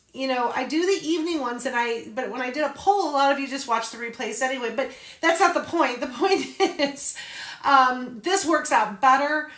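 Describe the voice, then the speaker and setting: A woman's voice: sits high, bright, forceful tone. Chatty woman in an echoey room. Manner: chatty, upbeat, greets viewers by name. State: out of breath. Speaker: craft class host. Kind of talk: live-stream craft tutorial.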